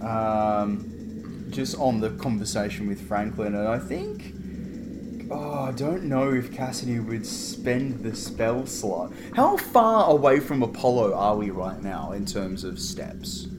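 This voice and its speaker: A man playing a tabletop game, describing his character's actions in a playful, relaxed way. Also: lowish voice, slow, noisy background. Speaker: player.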